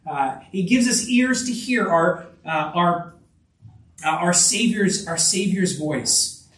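A man preaching a sermon in an earnest, conversational way, often restarting phrases. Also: takes it slowly. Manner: earnest, with frequent restarts and lively rises in pitch. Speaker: pastor. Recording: echoey room, voice from a distance.

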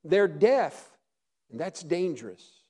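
A middle-aged male pastor preaching a sermon, earnest, often dropping to a hush for emphasis. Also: on the high side, sing-song, slow, husky.

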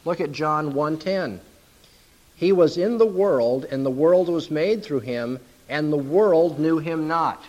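Emphatic male preacher, slightly high voice. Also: a little mellow, low-quality recording. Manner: emphatic, slows and stresses key words. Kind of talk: sermon.

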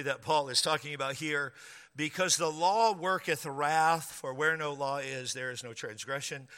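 A man's voice: fairly high pitch, pushed and bright, in a large hall. A man preaching a sermon in a church, acting out the doubts of his listeners in quoted voices. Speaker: pastor.

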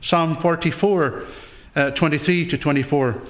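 Man preaching in church, kinda higher voice, earnest and questioning, tinny phone-like sound. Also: expressive, a little slow. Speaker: pastor. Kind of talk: sermon.

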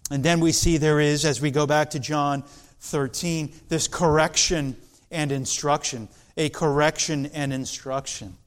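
Slow, high-voiced man preaching. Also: fairly even intonation. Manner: slow, deliberate preaching with rising emphatic passages. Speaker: pastor. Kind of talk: expository sermon.

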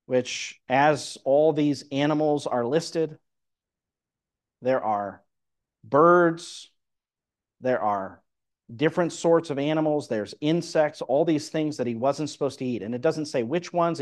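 A man's voice: mid-range voice, a little mellow. A man preaching, explaining a Bible passage verse by verse and reading scripture aloud. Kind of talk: Bible teaching sermon.

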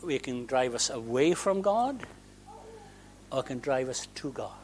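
A man's voice: mid-range voice, expressive, a little slow, a little hiss or hum. A man preaching a sermon to a congregation, conversational and humorous, with theatrical asides.

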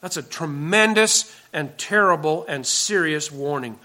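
A man's voice: on the high side, unhurried, pushed and bright. A man preaching a sermon to his church as its pastor, earnest and emphatic, driving his points home with repeated warnings.

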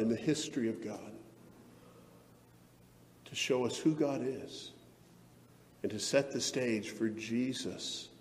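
A man's voice: medium pitch, a little mellow, big-room sound, slight background noise. A man pastor preaching a sermon in an earnest, emphatic way that rises into fervent passages.

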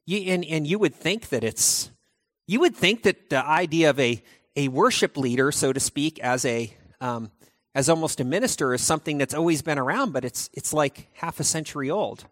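A man giving a conversational sermon as pastor, talking in an animated, chatty way with frequent restarts. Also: fairly high pitch, moderate pace, no room sound.

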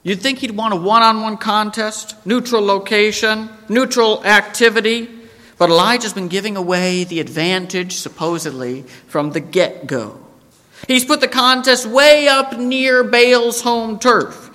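A man preaching a sermon, animated and emphatic, quoting scripture and acting out the story. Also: high voice, measured pace, long reverb tail. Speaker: pastor.

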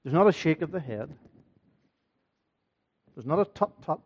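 A man's voice: fairly high pitch, animated, a little slow, slightly rough. Earnest preaching man, dull lo-fi recording. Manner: earnest preaching, building in force, repeats phrases. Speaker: pastor. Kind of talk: sermon. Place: church.

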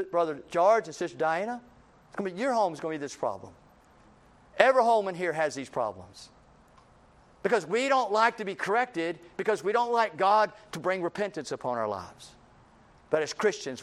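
Preaching a sermon, this male pastor alternates between booming, high outbursts and hushed, low asides. He dramatizes the words of those he quotes, giving voice to sinners.

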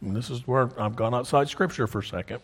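A man with a husky voice preaches a sermon in a church, talking through a story with his congregation. He often checks in with them as he goes, asking whether they are following along. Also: medium pitch, fast. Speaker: pastor. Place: church sanctuary. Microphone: wears a clip-on mic.

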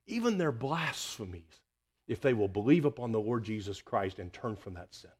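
Male pastor, husky mid-pitched voice, earnest sermon delivery that swells and then sinks to a hush. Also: lively intonation, moderate pace. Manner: earnest preaching, swings from loud emphasis to hushed near-whisper.

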